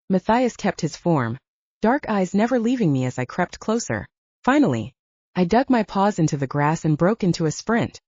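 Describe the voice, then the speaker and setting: A woman reading a first-person supernatural novel aloud as an audiobook narrator, with expressive storytelling. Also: medium pitch, dry recording, lo-fi sound.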